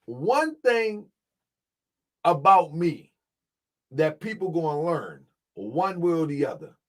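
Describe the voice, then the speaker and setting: A man's voice: on the high side, sing-song, slow pace. A man hosting his channel, reacting to a clip with indignant, mocking commentary to his viewers. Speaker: channel host.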